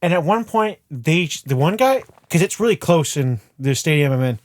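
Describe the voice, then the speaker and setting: A young man with a slightly high voice tells a crude, swear-heavy story on a casual podcast. He is animated and jumps in and out of retelling what people said. The sound is close and dry. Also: normal speed, no room sound. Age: young adult. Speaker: podcast co-host. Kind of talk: casual chat.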